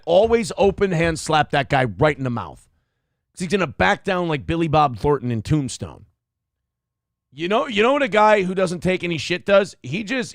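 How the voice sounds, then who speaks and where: A man's voice: high-pitched, creaky, no echo, studio quality. A man hosting a morning show, giving crude, mocking commentary over video clips, getting worked up.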